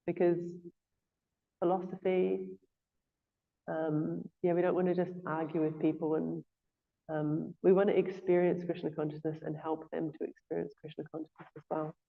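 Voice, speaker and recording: A woman gives a relaxed scripture class, pausing often with soft fillers as she gathers her thoughts. Her voice stays fairly flat and even in pitch. The audio is thin and phone-like. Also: creaky. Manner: hesitant, frequent "um" and "yeah" fillers. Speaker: guest speaker giving a scripture class. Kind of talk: informal scripture class talk. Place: temple class room.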